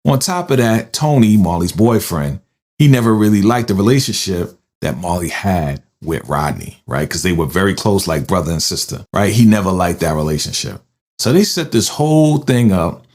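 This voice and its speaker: A man hosting a casual movie recap, telling the story in an animated way and tagging his sentences with quick "right?" checks to the listener. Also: deep voice. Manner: animated storytelling, frequent "right?" tag questions.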